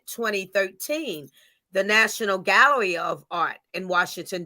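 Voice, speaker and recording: A woman's voice: medium pitch, sharp tone. A woman co-hosting a livestreamed podcast, reading fun facts from notes with small stumbles and laughs, over a video call. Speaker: podcast co-host.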